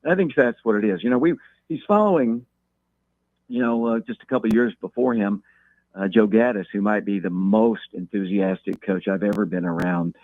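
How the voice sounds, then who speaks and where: A man calling in as a guest, talking football in a measured way and repeating words as he thinks. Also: on the low side, no echo. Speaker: guest talking local high school football. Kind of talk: phone-in interview. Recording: tinny phone line.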